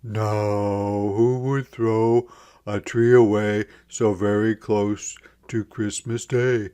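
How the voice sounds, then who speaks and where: A man's voice: fairly low pitch, level tone, takes it slowly, warm tone, smooth. A man voicing a drowsy, cheerful father bear in a storybook read-aloud.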